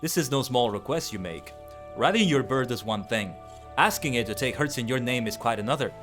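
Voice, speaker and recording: Stern bird trainer from a game, read by a guy, measured, music behind. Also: mid-range voice, animated, a bit bright, close to an everyday voice. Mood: solemn.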